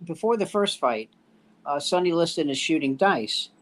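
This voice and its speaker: An older man with a high voice hosts a loose talk among comedians. He spins anecdotes and acts out each quoted voice as he goes. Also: expressive, normal speed, fairly bright tone, slight background noise. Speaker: host. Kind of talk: casual comedians' chat, telling anecdotes.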